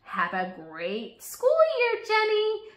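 A woman's voice: extremely high pitch, wildly swooping pitch, slow pace, voice pushed up, heavily acted. A woman voicing a friendly flying computer chip who playfully teaches children. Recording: roomy echo.

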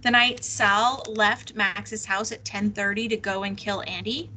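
A woman's voice: mid-range voice, steady tone, unhurried, bright, forceful tone, slight background noise, poor audio. A woman voicing a fierce, determined teenage girl who accuses her friends sharply, read aloud from a novel. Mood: accusing.

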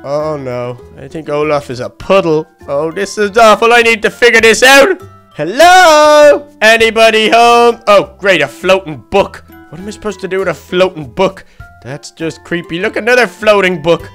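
High-pitched guy doing a game roleplay, jumpy and fretful, gasping exclamations everywhere. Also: moderate pace, soft background music. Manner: excitable, fretful, constant exclamations. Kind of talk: minecraft roleplay narration.

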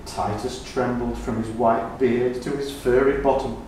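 Man reading a children's story, unhurried, expressive, very echoey room. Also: medium pitch, slight background noise. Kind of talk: reading a picture book aloud. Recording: echoey room, distant mic.

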